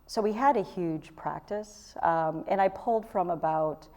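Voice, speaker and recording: A woman's voice: lowish voice, a little slow, darkish tone. Laughing Michigan woman surgeon. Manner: friendly, laughs easily, many fillers. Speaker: surgeon guest. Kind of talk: casual interview chat.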